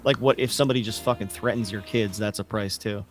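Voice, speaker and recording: A man's voice: on the low side, quick pace, faint music behind. A man co-hosting a podcast, speaking bluntly and emphatically with swearing. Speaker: podcast co-host. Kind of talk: casual political podcast chat.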